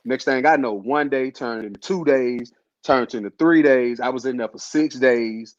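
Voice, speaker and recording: A man's voice: medium pitch, normal speed, no echo. A man telling a personal story in a casual, slangy way, full of fillers. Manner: laid-back, slangy, loose with fillers. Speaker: host telling his illness story. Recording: dull lo-fi sound.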